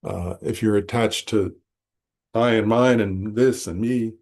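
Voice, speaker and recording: Man, Buddhist teacher, husky voice, chatty class talk, asks "right?" a lot. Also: fairly low pitch, steady tone, measured pace, a little mellow. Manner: conversational, self-correcting, frequent "right?". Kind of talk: informal dharma talk. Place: meditation center class.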